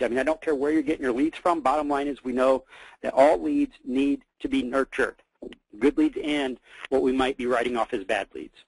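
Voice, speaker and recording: Gravelly man walking through a software demo. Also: medium pitch, dry recording, poor audio. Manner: casual, repeats himself, many fillers, addresses listeners as guys. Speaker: webinar host.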